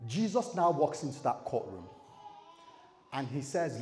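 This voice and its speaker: A man's voice: medium pitch, big pitch swings, a little slow, pauses often, darkish tone. A male pastor preaching a sermon in a storytelling style, with chatty asides to his audience. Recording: echoey hall, faint room noise.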